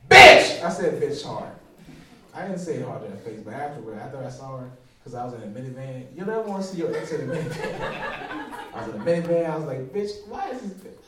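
A man doing a stand-up routine, telling a loud, animated story and mocking other people in put-on voices. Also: mid-range voice, fast. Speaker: stand-up comedian. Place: comedy club stage. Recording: echoey room, far mic, crowd. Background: audience laughter.

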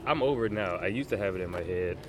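A man, a stand-up comedian chatting casually, relaxed and rambling. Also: low-pitched, fast talker. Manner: relaxed, rambling, lots of fillers. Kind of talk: casual chat. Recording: loud traffic noise outdoors.

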